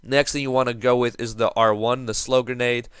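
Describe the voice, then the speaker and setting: A man's voice: mid-range voice, little pitch movement, a little fast, fairly bright tone, smooth, no echo, studio quality. A young man giving casual, upbeat commentary as he explains how to play a game hero, joking around with a just-woken-up morning voice. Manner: joking, upbeat, self-mocking. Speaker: game guide host.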